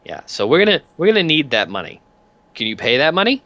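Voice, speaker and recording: A man's voice: on the high side, big pitch swings, quick pace, sharp tone, voice pushed up. A man voicing a cheerful, menacing male debt collector who makes threats in a chummy, wheedling way, on lo-fi call audio.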